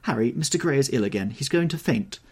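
A man's voice: mid-range voice, animated, fast, darkish tone, breathy edge, pitched above the performer's own voice. A man voicing a teasing society duchess. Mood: exclaiming. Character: grand high-society lady, teasing, playful.

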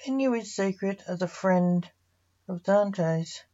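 A woman reading a fantasy story aloud, voicing all the characters in a mostly even narrating voice. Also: mid-range voice, slow pace. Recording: muffled lo-fi recording.

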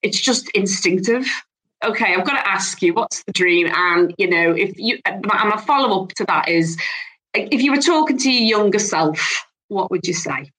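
A woman's voice: mid-range voice, lively intonation, normal speed, a bit bright, rough recording. A woman hosting a podcast, chatting in a reflective, encouraging way. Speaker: podcast host. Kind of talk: casual interview chat.

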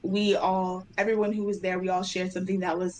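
A young woman dancer and choreographer telling stories in a casual interview, animated and acting out her own past dialogue in excited voices. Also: fairly low pitch, fairly quick, a little hiss or hum, poor audio. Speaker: dancer and choreographer, podcast guest.

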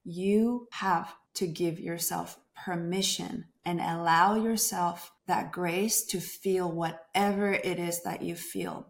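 A woman's voice: on the low side, creaky. A woman doctor speaking as a podcast guest, talking animatedly and acting out the voices of people she quotes. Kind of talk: conversational interview.

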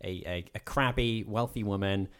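A man with a low voice chats casually about films as a podcast co-host. His tone is smooth and resonant, and he riffs and jokes constantly, swearing now and then. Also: normal speed, fairly bright tone. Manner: jokey, riffing, with frequent laughter. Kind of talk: casual film-review chat.

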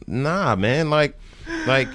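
A man's voice: on the high side, slow pace, slight background noise. A man from New Jersey, a podcast guest, telling casual stories and acting out the quoted lines of the people in them. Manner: animated, acts out quoted dialogue. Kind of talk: casual storytelling chat.

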